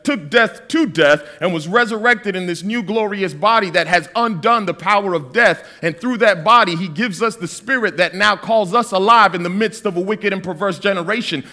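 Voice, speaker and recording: A man's voice: high voice, normal speed, few pauses, bright, forceful tone. A man in his thirties from Massachusetts preaching a sermon, mixing Bible readings with joking stories. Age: 30s.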